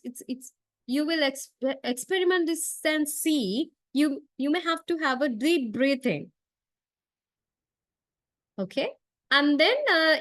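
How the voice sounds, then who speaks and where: A woman's voice: high-pitched, fairly bright tone, no echo. A woman lecturing to a class, explaining step by step with frequent uh fillers and a questioning "right?" tag. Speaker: university lecturer.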